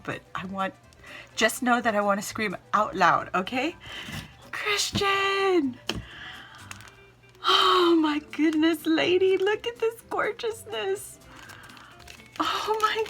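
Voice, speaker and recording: A woman's voice: on the high side, expressive, slow, over music. A woman hosting a craft channel, chatting casually through an unboxing and gushing with squealing exclamations.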